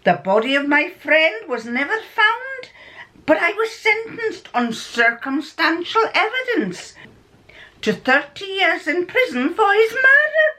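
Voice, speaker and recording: A woman's voice: big pitch swings, measured pace, sharp tone, full character voice. A woman voicing a distraught greying Scottish ex-convict with a put-on Scottish accent that slips into Irish, reading a story aloud. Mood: distraught pleading. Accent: put-on Scottish, mixed with a bit of Irish. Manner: high, pleading, near tears.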